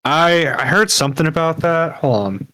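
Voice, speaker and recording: A man chatting casually as a podcast guest, halting, with many fillers. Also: fairly high pitch, bright, forceful tone, clean tone, dry recording. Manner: hesitant, many fillers and restarts.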